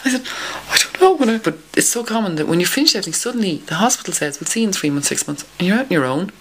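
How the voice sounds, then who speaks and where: A woman speaking candidly about her own life, often restarting her sentences. Her voice is low and she talks quickly. Faint background noise sits under her. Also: expressive, poor audio. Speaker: interviewee. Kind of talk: personal storytelling.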